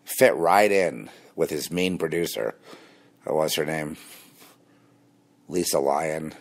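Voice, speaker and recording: A man hosting a rambling, combative monologue, dropping low and quiet when he confides. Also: slow, vocal fry. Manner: rambling and combative, mocking laughs. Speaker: host. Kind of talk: spoken monologue on religion and conspiracy.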